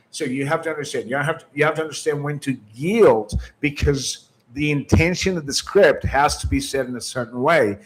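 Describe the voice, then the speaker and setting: A man's voice: medium pitch, low-quality recording. A man giving a coaching lecture on delivering a sales script, emphatic, repeating phrases and checking in with "right?". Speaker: sales trainer.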